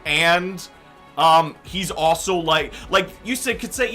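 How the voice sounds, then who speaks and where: A young man with a high, bright, forward voice chats loosely while he plays, drifting from one tangent to the next. His talk is peppered with "like" and "um," with an easygoing streamer feel. Faint game music plays under him. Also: sing-song, moderate pace. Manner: rambling, tangent-prone, heavy use of "like" and "um". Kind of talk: casual chat while gaming.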